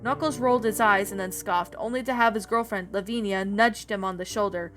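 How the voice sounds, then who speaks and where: A woman narrating a story in a plain, steady reading voice with small slips. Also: mid-range voice, brisk. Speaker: story reader. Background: background music.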